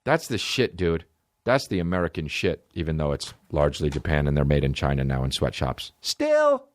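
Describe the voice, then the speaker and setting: A man hosting a comedy podcast, ranting profanely and swinging between excited highs and low mutters. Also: brisk. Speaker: podcast host. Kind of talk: solo comedy podcast rant.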